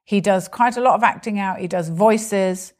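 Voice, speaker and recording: A stand-up comedian chats animatedly in a conversational interview, acting out the voices of people in her stories. Her mid-range voice is a little mellow and moves at normal speed.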